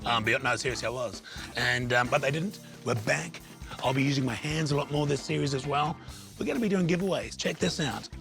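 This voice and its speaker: A man with a New Zealand accent co-hosting a comedy show, delivering laconic, mumbled deadpan asides. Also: medium pitch, a little fast, gravelly, faint music behind.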